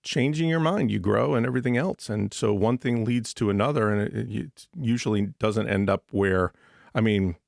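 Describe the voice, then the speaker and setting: Guy hosting a podcast, lowish gravelly voice, friendly interviewer vibe, dry sound. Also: normal speed, no room sound. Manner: encouraging, conversational interviewer. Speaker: podcast host. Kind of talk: casual interview talk.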